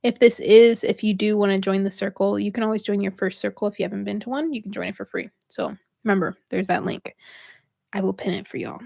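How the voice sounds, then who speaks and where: A woman's voice: medium pitch, fairly even intonation, a little fast, creaky, darkish tone, no echo, clean studio sound. A young woman hosting a spiritual reading livestream, chatting casually with viewers and laughing often.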